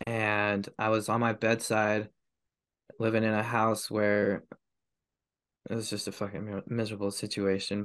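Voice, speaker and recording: Guy in his 30s telling his story on a podcast, swears a lot, low voice that stays pretty monotone. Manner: heavy swearing, raw and confessional. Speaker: podcast guest. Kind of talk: candid personal storytelling.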